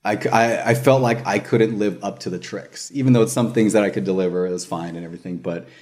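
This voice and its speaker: Brief: male magician spinning a story in casual chat, lively, laughs a lot, does quick voices. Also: fairly low pitch. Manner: animated, laughs often, acts out quoted voices.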